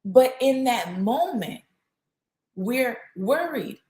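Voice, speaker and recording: A woman's voice: on the high side, expressive, mellow. A woman in her thirties giving a casual devotional talk, chatting and acting out her family's lines. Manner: conversational, acts out her family's lines in quick bursts. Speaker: host of a faith talk show. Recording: roomy echo.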